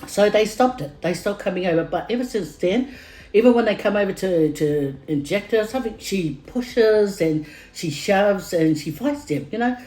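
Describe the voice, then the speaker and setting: A woman's voice: mid-range voice, animated, normal speed, dark tone. A middle-aged woman with a Samoan accent telling a family story to her vlog viewers in a rambling, casual way, full of fillers and repeated words. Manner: rambling, many fillers, heated when retelling. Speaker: family vlogger. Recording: roomy echo with faint music.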